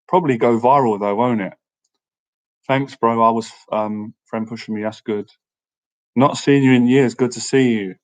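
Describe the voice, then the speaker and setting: A man's voice: mid-range voice, rough recording. A man who coaches social skills, chatting casually through a live-stream Q&A in an upbeat way, laughing easily and often asking "right?". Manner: laughs easily, animated when telling stories.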